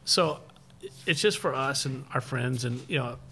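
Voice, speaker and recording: A man who paints graffiti, telling stories in a casual podcast chat, swearing a lot and laughing often, with rapid bursts of speech. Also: mid-range voice, bright, forceful tone, a little hiss or hum. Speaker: graffiti artist and live-stream host.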